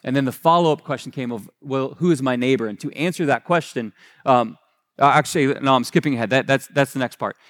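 Brisk and fairly bright in tone, this medium-pitched male pastor delivers his sermon like a conversation. He frequently starts over and fixes his wording while paraphrasing scripture in plain, everyday terms.

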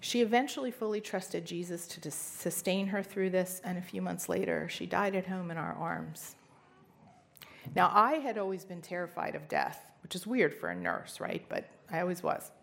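Gravelly-voiced woman sharing a testimony. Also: on the low side, big pitch swings, normal speed, a bit bright. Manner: earnest storytelling with emphatic rises. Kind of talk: personal testimony talk.

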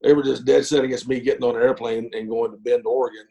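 Mellow-voiced storyteller. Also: male voice, mid-range voice, little pitch movement, creaky, low-quality recording. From East Texas. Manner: unhurried, folksy yarn-spinner with frequent fillers and chuckles. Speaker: guest, former pro baseball pitcher. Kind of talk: casual storytelling interview.

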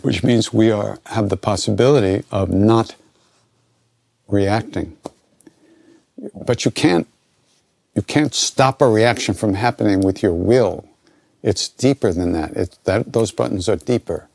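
An older American man with a gravelly voice, answering questions as a spiritual teacher in a relaxed, conversational way that often trails off and restarts. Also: on the low side, a little slow, pauses often, no echo, clean studio sound. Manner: relaxed, conversational, self-interrupting. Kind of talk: informal spoken Q&A teaching.

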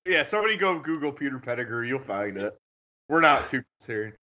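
A man's voice: medium pitch, animated, a little fast, sharp tone, muffled recording. A man hosting a podcast, asking rambling questions full of fillers in a casual interview. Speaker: podcast host.

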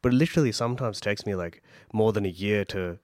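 A man's voice: lowish voice, quick pace, a little mellow, no room sound, studio quality. A man who works as a chef, chatting casually on a podcast, rambling through restarted phrases. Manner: rambling, restarts phrases, says "like" and "you know" often. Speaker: chef creating restaurant menus.

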